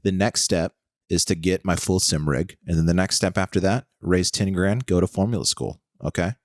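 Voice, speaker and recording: A man's voice: low-pitched, fairly even intonation, moderate pace, no room sound, clean studio sound. An American man in his thirties co-hosting a podcast in casual chat, rambling with lots of "like" and "okay" and spinning comic what-if scenarios. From United States. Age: 30s. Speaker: podcast co-host.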